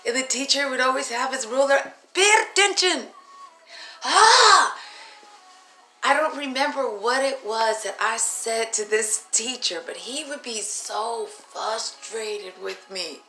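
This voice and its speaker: A woman telling a rambling personal story in a casual vlog, animated and profane, laughing often. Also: on the high side, unhurried, hardly any pauses, slight background noise. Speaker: vlogger. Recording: roomy echo.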